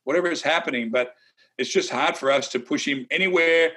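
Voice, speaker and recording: A middle-aged man talks golf stats with blunt, opinionated certainty and a teasing edge. His voice is bright and sits a little high for a man. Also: brisk. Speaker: co-host, golf analyst and former tour player. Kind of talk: casual golf betting chat.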